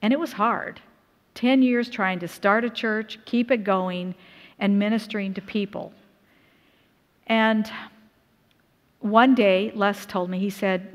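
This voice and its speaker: A middle-aged woman from Utah giving a personal testimony sermon at a conference, telling her story earnestly with lively quoted asides. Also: medium pitch. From Utah, USA. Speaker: conference speaker. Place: church conference hall. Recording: reverberant hall.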